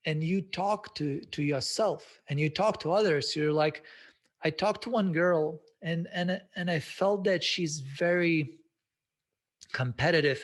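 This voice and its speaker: A man's voice: on the high side, gravelly. A man hosting a self-development webinar, speaking reflectively with many hesitant filler sounds. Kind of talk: live webinar talk.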